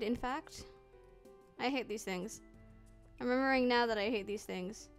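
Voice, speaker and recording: A woman's voice: fairly high pitch, steady tone, normal speed. A young woman streaming a game, chatting to herself playfully and slipping into mock old-fashioned phrases. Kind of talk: casual gameplay commentary. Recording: faint game music behind.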